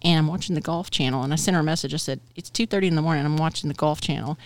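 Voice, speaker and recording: A woman's voice: deep voice, racing, no echo. Woman from Texas, middle-aged, chatty, laughing storyteller, dry room. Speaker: utility company CEO, podcast guest. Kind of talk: casual chat.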